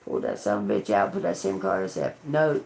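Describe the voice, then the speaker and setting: Tarot livestream host with a drawl, loose and rambling, quick to laugh and curse, faint background noise. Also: low voice, big pitch swings, vocal fry, a little mellow. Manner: rambling, laughing, heavy swearing. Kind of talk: casual livestream chat.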